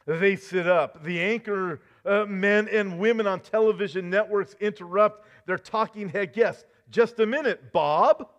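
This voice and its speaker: Man, sermon, high voice, conversational dramatic storytelling, rhetorical questions, dull lo-fi recording. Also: steady tone, measured pace, hardly any pauses. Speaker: preacher.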